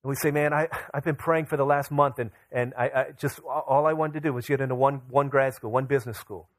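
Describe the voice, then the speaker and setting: A man's voice: medium pitch, fairly even intonation, brisk, no echo. A young man pastor preaching a sermon, telling a family story and acting out his children's voices.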